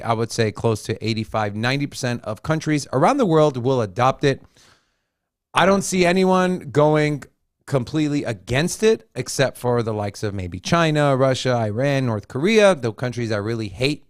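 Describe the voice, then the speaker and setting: A man's voice: mid-range voice, no room sound, clean studio sound. A man co-hosting a casual crypto chat, joking and teasing as he lays out his opinions. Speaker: co-host.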